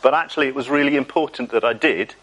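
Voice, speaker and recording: Guy preaching, chatty and self-mocking, slows right down on the big words. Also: medium pitch, fairly bright tone, rough recording. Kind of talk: sermon storytelling.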